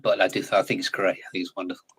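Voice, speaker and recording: An English man in his forties, a guest in a casual live chat, talking in a chatty, animated way and laughing often. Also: deep voice, very fast, breathy edge, rough recording. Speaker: guest actor.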